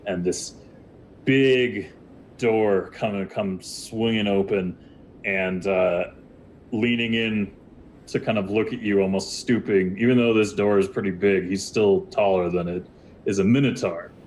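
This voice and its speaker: A man's voice: lowish voice, steady tone, a little slow, a little mellow, a little hiss or hum. A man narrating a tabletop game as game master, rambling with many fillers and restarts.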